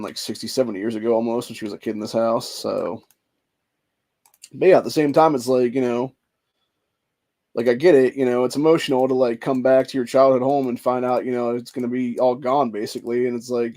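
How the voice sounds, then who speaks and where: Man, 40s, gravelly, rapid, profane rambling vent, emotionally frayed. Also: mid-range voice, darkish tone. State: emotional and stressed. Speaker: vlogger. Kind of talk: casual venting monologue.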